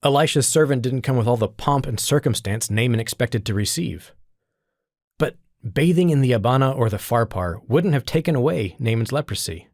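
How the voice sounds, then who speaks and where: A man's voice: medium pitch, lively intonation, moderate pace, a little mellow, no room sound, studio quality. A man hosting a short devotional podcast, telling a Bible story in an emphatic, conversational way. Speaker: podcast host. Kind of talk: scripted devotional narration.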